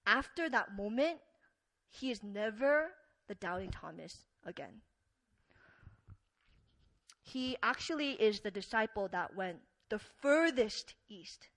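This earnest, conversational sermon comes from a woman preacher with a medium-pitched voice. She tells the story with many fillers and big swings between loud and soft, and the recording is low quality.

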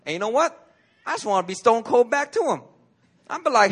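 A man with a fairly high voice preaching a casual, story-driven sermon in a church. He talks in a conversational way, acts out little scenes and laughs along the way. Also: sing-song, brisk, pauses often, fairly bright tone, husky. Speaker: pastor.

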